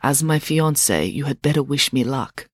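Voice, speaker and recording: A woman's voice: rumbling low, expressive, dry recording. Woman doing a blunt, secretive foreign woman. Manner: blunt, clipped, deliberate. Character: tall, blunt Nordic woman athlete, secretive.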